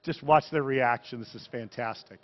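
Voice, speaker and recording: A man, a pastor, giving a casual, excitable sermon with lots of fillers while commenting on pictures and a video. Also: mid-range voice, moderate pace. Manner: chatty and excitable, many fillers like "like". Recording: long reverb, dull lo-fi sound.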